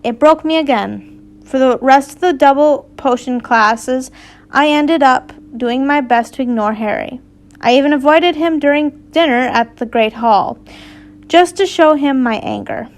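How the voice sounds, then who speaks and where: A woman's voice: high-pitched, a little slow. A woman reading fanfiction aloud, breaking off into giggly, casual asides and swearing freely. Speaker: fanfiction reader.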